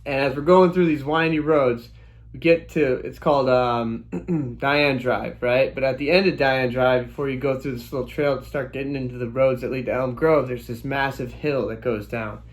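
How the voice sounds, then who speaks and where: Young guy telling a childhood story, lively, goes "boom" and "whoosh" a lot. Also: moderate pace. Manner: animated, sound effects and exclamations. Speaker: storytelling vlogger. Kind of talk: casual storytelling.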